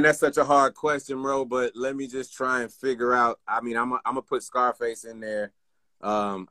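A man's voice: fairly low pitch, bright, forceful tone, no echo. A man who is a guest on a casual interview over a video call, answering in a thoughtful, laid-back and friendly way.

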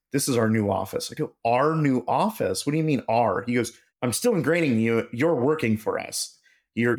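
A man, a podcast guest and machinist, telling stories in casual conversation and acting out quoted dialogue with lively shifts in his voice. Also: medium pitch. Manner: animated, acts out quoted dialogue. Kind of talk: casual storytelling interview.

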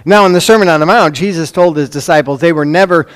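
A man with a Chicago accent preaching a sermon, swinging from loud emphasis to hushed lines, with conversational asides and rhetorical questions. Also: a little high, fast, smooth. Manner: dramatic swings between loud emphasis and hushed near-whispers. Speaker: pastor.

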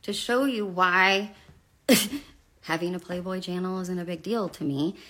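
A woman's voice: on the low side, a little slow, fairly bright tone. A woman in her forties talking candidly to camera, blunt and profane, rambling through personal stories. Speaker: vlogger.

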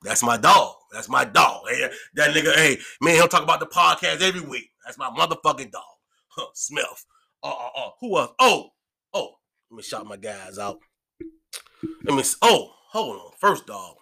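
Boisterous, husky high-voiced man. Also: animated, moderate pace, pushed and bright. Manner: boisterous, profane, laughs often. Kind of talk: casual chat.

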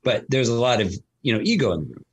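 A man's voice: medium pitch, sing-song, fast, husky. A man talking casually as a host, telling a long story with lots of fillers and restarts. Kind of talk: casual conversation.

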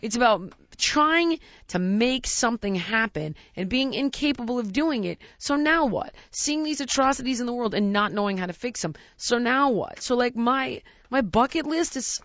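A woman's voice: a little high, animated, normal speed, a bit bright, dry recording, dull audio. A woman in candid casual chat who talks in an earnest, searching way, full of restarts and "like".

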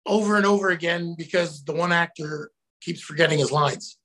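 A middle-aged man, a guest telling anecdotes in a casual, animated way, bursting into shouted quotes. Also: a little high, normal speed. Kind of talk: casual storytelling.

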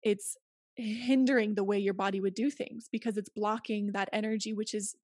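A woman's voice: medium pitch, fairly even intonation, moderate pace, darkish tone, dry recording, studio quality. A woman speaking as an interview guest, earnest and emphatic as she gives advice in casual conversation. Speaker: podcast guest.

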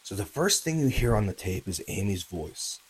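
A man's voice: on the low side, sing-song, normal speed, breathy edge, low-quality recording. A man hosting a podcast, narrating a true story in a casual, conversational way, talking straight to his listeners and pushing harder at the tense moments. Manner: conversational, addresses listeners, many fillers and tag questions; grows louder and more urgent at tense moments.

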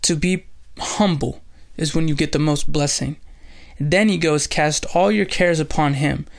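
A man's voice: on the high side, unhurried, gravelly. A man hosting a bible study, teaching earnestly through scripture as a preacher. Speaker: pastor and host.

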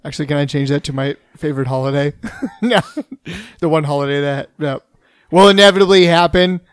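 A man's voice: fairly high pitch, level tone, brisk, darkish tone, clean tone, dry recording, studio quality. A man co-hosting a casual podcast chat, throwing in teasing, mock-serious quips. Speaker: podcast co-host.

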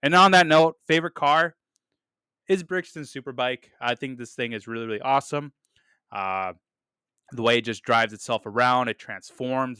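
Sharp and smooth at a medium pitch, a man's voice carries an upbeat, casual movie review on his podcast. He repeats "really, really," uses plenty of fillers and laughs at the quotes he reads. The recording is studio quality without echo.

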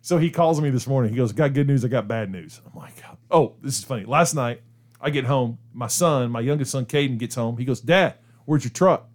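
A man's voice: mid-range voice, a little fast. A middle-aged man hosting a radio show, telling a story in casual chat and laughing as he goes. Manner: chatty, laughs through his stories.

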